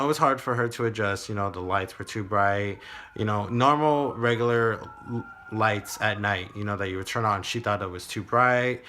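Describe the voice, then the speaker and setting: Rambling young man with a bright voice. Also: lowish voice. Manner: halting, many fillers and restarts. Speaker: vlogger. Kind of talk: personal diary storytelling.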